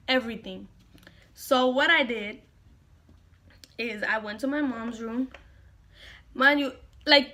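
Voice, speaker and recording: A woman's voice: fairly high pitch, sharp tone. A young woman vlogger dramatically retelling a personal story to camera, repeating lines for effect.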